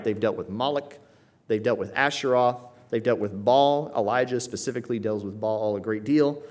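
Preaching with strong conviction, this man alternates between hushed, low emphasis and louder, raised stress, often tossing in "right?" to check in with his audience.

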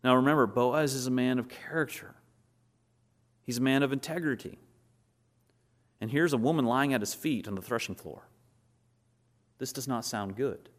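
A male pastor preaching a sermon, acting out quotes in animated storytelling with a son at home. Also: lowish voice.

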